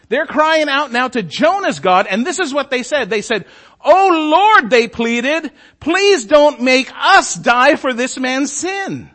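A man preaching a sermon as a story, acting out the characters' lines and often asking the congregation "right?". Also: high-pitched. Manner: animated, acts out voices, asks "right?".

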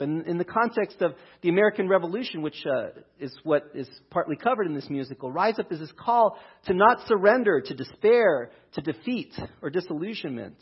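A pastor preaching a conversational sermon, talking through a scripture passage. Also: male voice, sits high, animated, fairly quick, few pauses, breathy edge, lo-fi sound. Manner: conversational, restarts, reads scripture aloud.

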